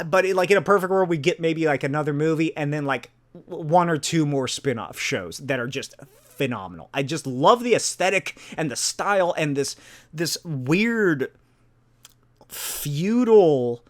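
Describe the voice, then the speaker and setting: A man's voice: fairly high pitch, expressive, unhurried. A man hosting a solo podcast, rambling casually, swearing and laughing often. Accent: non-native or regional accent. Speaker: podcast host.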